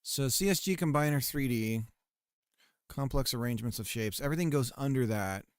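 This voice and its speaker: A male streamer rambles casually, muttering to himself between thoughts as he works on a game. His voice is smooth and clear, recorded close and dry with no room sound. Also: medium pitch, animated, a little fast, dry recording. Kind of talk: casual chat while working on a game.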